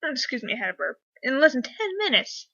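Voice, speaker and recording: Young woman vlogger, bright and fairly high voice, rambling, excitable delivery, lo-fi sound. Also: quick pace, creaky. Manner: rambling, filler-heavy, excitable. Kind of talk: casual storytelling to camera. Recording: dull lo-fi webcam audio.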